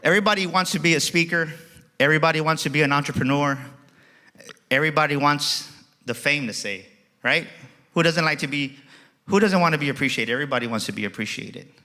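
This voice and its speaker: A man giving a motivational keynote speech to a live audience, energetic and acting out dialogue in changing voices. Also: on the high side, quick pace. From Texas. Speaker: motivational speaker. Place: auditorium.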